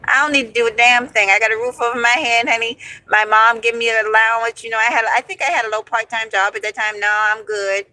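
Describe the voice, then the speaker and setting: A woman in her forties telling a story from her past in a casual, animated, profane way, calling her listeners honey and y'all. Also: fairly high pitch, quick pace, few pauses, no echo, rough recording. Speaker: storyteller host.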